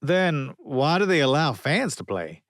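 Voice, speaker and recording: A man voicing an excitable, joking male ex-football star who reacts with incredulous exclamations. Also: on the high side, a little slow, no echo, clean studio sound, voice pushed up.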